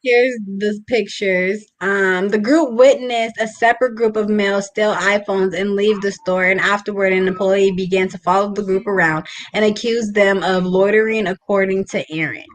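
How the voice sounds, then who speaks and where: A woman's voice: medium pitch, steady tone, normal speed, hardly any pauses, poor audio. A woman co-hosting a podcast, chatting casually and reading news articles aloud, sometimes stumbling over names. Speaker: podcast co-host.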